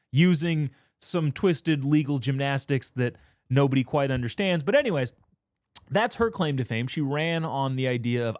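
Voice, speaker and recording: A man's voice: mid-range voice, animated, brisk, dry recording. A man giving casual commentary on news, rambling and going off on tangents. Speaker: political commentator.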